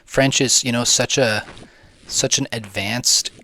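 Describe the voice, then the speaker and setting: A man's voice: medium pitch, steady tone, slow pace, sharp tone, a little hiss or hum. A young man giving casual, rambling gameplay commentary, slangy, jokey and swearing freely. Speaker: gaming video host.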